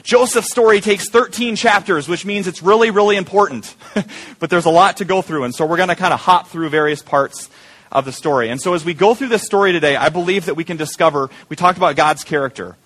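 A man's voice: high-pitched, fairly quick, fairly bright tone. A man preaching a sermon as pastor, joking with the congregation and having them repeat words back. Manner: jokey, engaging the audience with call-and-response.

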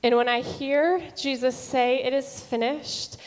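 A woman giving a slow, dramatic devotional reflection, pausing long and dropping to a near whisper. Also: high-pitched, steady tone. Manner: long pauses, drops to a near whisper on quoted words. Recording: long echo of a large hall.

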